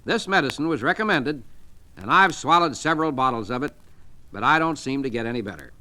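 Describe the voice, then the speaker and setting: A man's voice: medium pitch, lively intonation, bright, forceful tone. A man voicing a tense, argumentative businessman who growls about his nerves. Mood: irritable. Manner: growling, quick complaint. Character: tense snappy businessman on edge.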